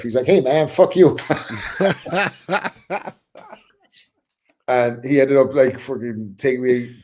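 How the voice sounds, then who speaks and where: A middle-aged man from Ireland, appearing as a guest rapper, tells a story in a casual chat, acting out the quotes and swearing freely. His voice is on the low side and mellow.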